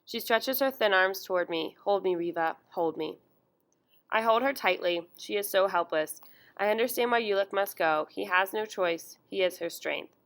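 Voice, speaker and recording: A woman reading a first-person story aloud in a measured, emotional way. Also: medium pitch, a bit bright. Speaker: audiobook narrator. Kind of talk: first-person audiobook narration.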